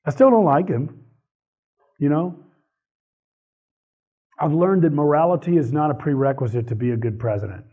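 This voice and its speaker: A man giving a live talk to an audience, animated and opinionated, laughing between points. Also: fairly high pitch, normal speed, long pauses. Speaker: speaker on economic policy. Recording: husky voice over a tinny phone-like line.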